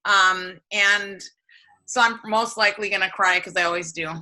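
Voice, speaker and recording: Bright-voiced woman sharing earnestly. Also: mid-range voice, steady tone, low-quality recording. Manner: halting, many restarts and fillers, earnest. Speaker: host of a support group video call. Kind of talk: emotional personal sharing on a group call. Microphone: video call.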